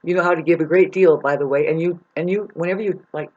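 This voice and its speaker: A woman's voice: fairly low pitch, steady tone, fast, a little mellow. A woman in a rambling, profane spiritual monologue, laughing often as she talks. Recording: muffled lo-fi recording.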